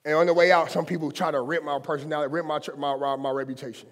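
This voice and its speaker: A man's voice: a little high, level tone, rapid-fire, long reverb tail. A man preaching a sermon as pastor, impassioned and conversational, with colloquial asides to his congregation. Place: church sanctuary.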